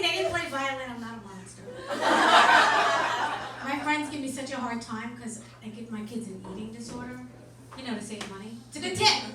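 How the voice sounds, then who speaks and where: Brash deadpan woman comic, echoey club. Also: a little high. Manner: deadpan, brash, profane delivery. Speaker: stand-up comedian. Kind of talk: stand-up comedy set. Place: comedy club stage. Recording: echoey club from far off with loud noise.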